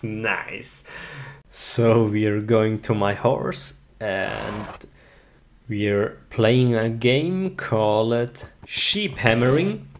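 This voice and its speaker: A man playing Steve, slow and giggly. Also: medium pitch. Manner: chatty, giggly, narrates each step. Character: Steve, cheerful blocky game hero, young man. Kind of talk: comic skit.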